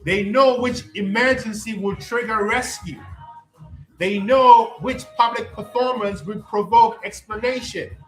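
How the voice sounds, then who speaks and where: A man's voice: sits high, a little slow, roomy sound, faint music behind, poor audio. A man hosting a live stream as a life coach. He talks in a preachy way, repeats catchphrases and invites viewers to come in with questions.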